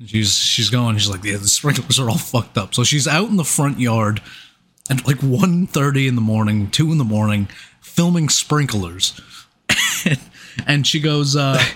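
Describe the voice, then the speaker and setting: A man's voice: medium pitch, expressive, a little slow, a bit bright, slight background noise. A man telling a wild story in casual podcast chat, laughing often and swearing. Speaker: podcast co-host.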